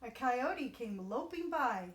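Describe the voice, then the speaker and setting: A woman storyteller reading a children's picture book aloud with an expressive, animated delivery. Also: on the high side, slow pace, echoey room, distant mic.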